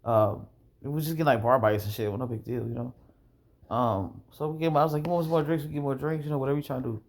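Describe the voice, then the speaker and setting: Man, casual storytime vlogger, rambling, swears a lot, throat clearing. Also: mid-range voice, fast talker.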